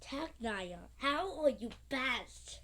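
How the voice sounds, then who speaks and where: A woman with a high voice talks through a mobile game. She is excitable and sing-song, breaking into yelps, yet her delivery stays slow and drawn out. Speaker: gamer.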